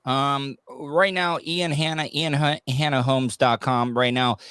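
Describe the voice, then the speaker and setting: A man's voice: mid-range voice, a little slow, clean tone, no echo. A man hosts a podcast in a loose, joking style, wandering between his questions. His voice sits in the middle range and is recorded dry, with no room around it. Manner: joking, rambling, lively. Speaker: podcast host. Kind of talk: casual podcast chat.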